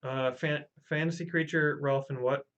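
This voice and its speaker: A man hosting a casual live stream, making deadpan, mock-ominous pronouncements. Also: a little high, moderate pace, highs cut off. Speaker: host playing the Hal character.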